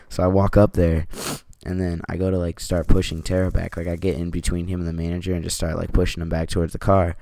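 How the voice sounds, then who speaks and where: A teenage guy with a very low, gravelly voice tells a story from home. He rambles casually, fills his talk with "like" and swears freely. His tone is dark and mellow. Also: little pitch movement, quick pace, few pauses, no echo. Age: teens. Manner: rambling, heavy use of "like", swears. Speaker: vlogger.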